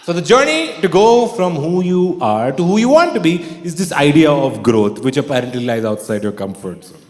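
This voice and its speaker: A man doing a stand-up comedy set with dry, deadpan delivery that breaks into sudden outbursts and mocking put-on voices. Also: fairly high pitch, moderate pace. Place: theatre stage before a laughing audience. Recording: echoey live hall with audience. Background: audience laughter.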